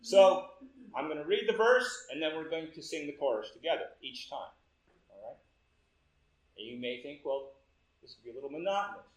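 A man's voice: on the high side, lively intonation. A man preaching a sermon to his congregation, leading them through a psalm and checking in with them as he goes. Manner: unhurried, talks to congregation with "right?" checks. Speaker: pastor. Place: church sanctuary. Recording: echoey church room.

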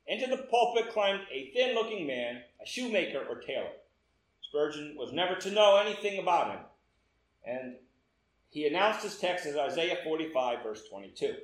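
A man preaching a sermon, telling a story in a lively way and quoting with emphatic repetition. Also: sits high, normal speed, roomy sound, low-quality recording.

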